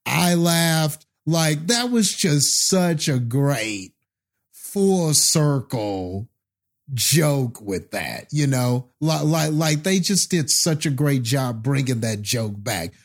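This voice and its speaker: Podcast co-host, man, excited, filler-heavy film chat. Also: a little high, slow. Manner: enthusiastic, filler-heavy, chuckling. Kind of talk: casual movie review chat.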